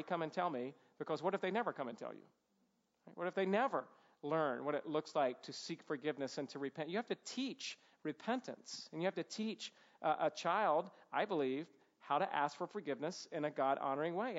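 A man, himself a father, giving an informal, earnest teaching on child discipline, working through numbered points with emphatic asides. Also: high-pitched. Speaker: Christian parent teaching on discipline. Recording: dull lo-fi sound.

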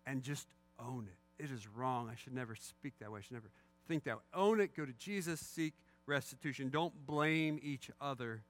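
A man's voice: medium pitch, expressive, normal speed, sharp tone. A middle-aged man preaching as a pastor, conversational and candid, with wry asides about his own failings. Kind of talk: sermon.

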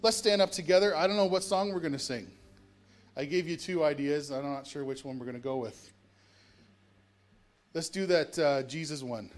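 A man's voice: a little high, normal speed, long pauses, soft background music. A man preaching as a pastor, emphatic, with repeated phrases and restarts. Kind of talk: sermon. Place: church sanctuary.

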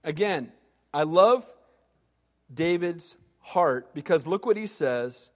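A pastor preaching a sermon, reading scripture and acting out the voices of biblical characters with rising intensity. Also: male voice, fairly high pitch, expressive, slow pace, long reverb tail.

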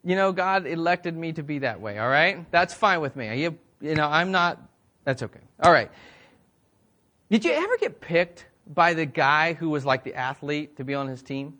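High-voiced man preaching a casual sermon. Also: animated, moderate pace, pushed and bright. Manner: conversational, repeats words, asks the crowd questions. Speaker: pastor.

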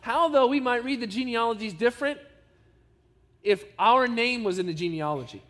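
Male pastor, high voice, sermon, earnest, emphatic, rhetorical questions. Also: normal speed, a bit bright, big-room sound.

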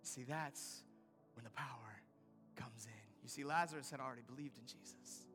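A man preaching a sermon to a congregation, swinging from hushed, near-whispered lines to loud, emphatic passages. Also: mid-range voice, normal speed, soft background music. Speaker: pastor. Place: church hall before a congregation.

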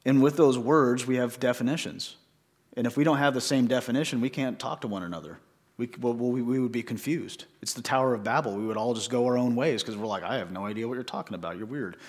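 A man's voice: medium pitch, a little fast. Male pastor, conversational sermon delivery, rhetorical questions, mid-range voice. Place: church.

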